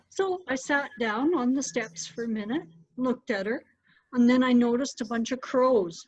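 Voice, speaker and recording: A middle-aged woman, a storyteller, recounting a personal story with animated delivery. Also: on the high side, normal speed, dry recording. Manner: animated, lively retelling with acted-out quotes. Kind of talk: personal storytelling to a small group. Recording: dull, muffled dry recording.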